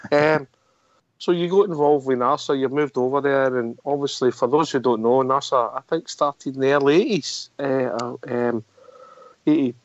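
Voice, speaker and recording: A man's voice: medium pitch, fairly even intonation, normal speed, no room sound, lo-fi sound. A man hosting a call-in show, joking with his guest and calling him "mate" all the time. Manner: matey banter, says "mate" a lot. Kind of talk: casual chat.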